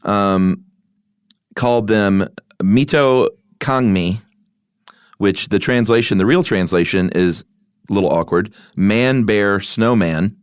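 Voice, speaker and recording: A man's voice: on the low side, slow pace, clean tone, no echo, clean studio sound. A man co-hosting a podcast in casual chat, joking and self-deprecating as he tells a story. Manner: joking, self-deprecating, slips into silly voices. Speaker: podcast co-host.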